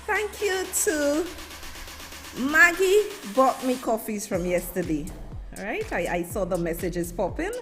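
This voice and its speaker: Lively woman hosting a live stream. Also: a little high, unhurried. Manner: animated, effusive, sing-song shout-outs. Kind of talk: live-stream chat greeting viewers. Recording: faint music behind.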